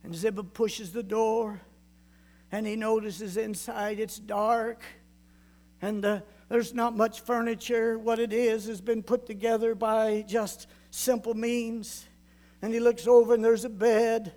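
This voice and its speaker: A male preacher with a very high voice for a man retells a scripture story in a sermon. He paints the scene vividly and turns to the congregation with rhetorical questions. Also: level tone, takes it slowly, a little mellow.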